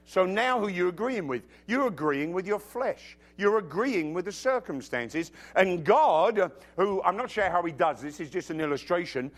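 A man preaching a sermon, emphatic and quoting scripture, who drops to a hush and then rises into loud bursts, with humorous asides. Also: high voice, animated, normal speed, hardly any pauses.

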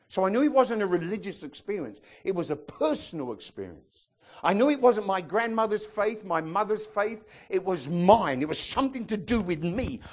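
Animated man preaching. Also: fairly high pitch. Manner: animated storytelling, bursts into excited shouted impressions. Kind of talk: sermon.

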